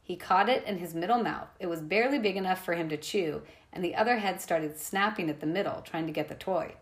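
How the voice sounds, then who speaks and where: A woman's voice: fairly low pitch, brisk. A woman reading a novel aloud in a plain way, with small slips and restarts. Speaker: reader.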